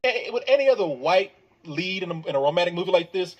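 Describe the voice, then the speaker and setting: A man's voice: high-pitched, expressive, fast, breathy edge. A man in joking banter on an archived review show, laughing and clowning with comic voices. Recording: dull lo-fi archived podcast clip.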